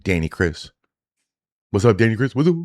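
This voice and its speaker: A man with a very low voice gives casual reaction commentary on viral clips. He is blunt, profane and sarcastic, and the recording is dry and close. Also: sing-song, moderate pace, a little mellow, no echo.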